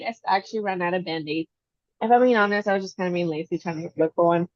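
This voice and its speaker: A woman chatting casually as a podcast co-host, telling a story with lively, dramatic retellings. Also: medium pitch, quick pace, no room sound, dull audio. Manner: animated, acts out her daughter's whiny voice.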